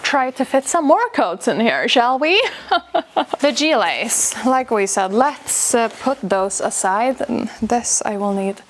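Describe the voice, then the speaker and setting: A fashion vlogger chats casually to camera about her winter coats, gushing with stacked superlatives and a bit out of breath from carrying them. Her voice is a little high and animated but slow-paced, with a little hiss or hum in the audio.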